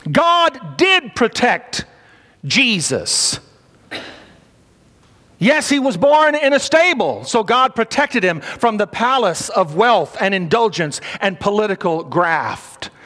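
A man's voice: very high voice, bright, forceful tone. A man preaching a sermon in an emphatic style, repeating phrases and prompting his listeners for responses. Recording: long reverb of a large hall.

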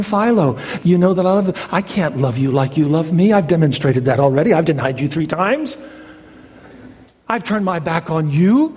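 A man's voice: on the high side, expressive, a little fast, darkish tone. A male pastor preaching a sermon, dramatic, his voice climbing as he voices the exchange between Jesus and Peter. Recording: long hall reverb.

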